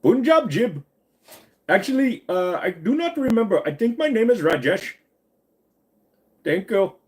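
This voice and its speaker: A man's voice: sits high, sing-song, measured pace, voice pushed up. A man putting on an exaggerated Indian accent to play a male call-center scammer who is overly polite and reassuring. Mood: fake-soothing. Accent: put-on Indian.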